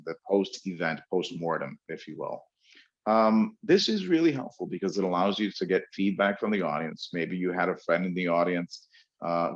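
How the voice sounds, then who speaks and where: Low-voiced man presenting a webinar. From New York. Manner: fillers, emphatic pauses. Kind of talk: webinar lecture on public speaking. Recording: dull lo-fi webinar audio.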